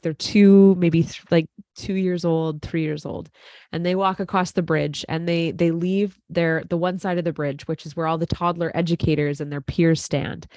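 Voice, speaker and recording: A woman's voice: low-pitched, no room sound. A young Canadian woman chatting casually on a podcast, tired and yawning, rambling with lots of fillers and restarts. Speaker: co-host, school educator.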